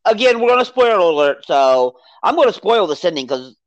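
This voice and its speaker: A podcast co-host in a casual movie review chat, rambling and animated as they recount the plot. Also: mid-range voice, brisk, no echo, highs cut off. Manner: rambling, animated, acts out character quotes.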